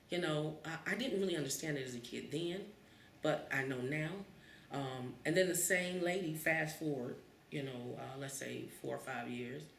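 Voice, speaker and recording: A woman's voice: extremely low pitch, a little hiss or hum. A woman in her fifties from Cleveland, telling stories from her childhood in an oral history interview and acting out the voices in them. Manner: animated, acts out the voices in her story. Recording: roomy, distant mic.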